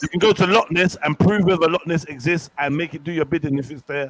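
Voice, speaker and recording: A man hosting a livestream, talking in animated, slang-heavy banter with friends. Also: fairly high pitch, fast, no echo. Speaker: livestream host. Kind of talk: casual group chat.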